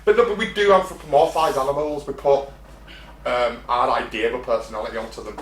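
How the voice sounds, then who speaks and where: A man's voice: mid-range voice, fast, a bit bright. A man co-hosting a casual podcast chat, swearing, laughing and acting out animal voices. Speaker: podcast co-host. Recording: echoey room with faint hum.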